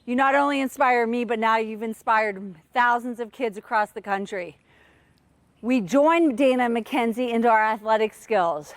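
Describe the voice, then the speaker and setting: A woman's voice: fairly high pitch, normal speed, no room sound. A woman coaching kids through a live online tennis workout, upbeat and counting drills aloud, sometimes out of breath.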